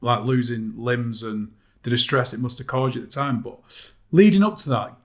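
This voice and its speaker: A man's voice: mid-range voice, moderate pace. A man co-hosting a podcast, asking thoughtful, long winding questions in casual chat. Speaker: podcast co-host.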